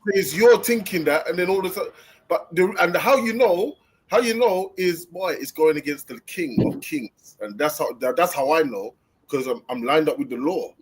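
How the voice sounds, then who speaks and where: A man joining the teaching, animated and dramatic as he acts out his retorts. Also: a little high, moderate pace, slightly rough, poor audio. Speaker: group member adding to the teaching. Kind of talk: casual preaching talk.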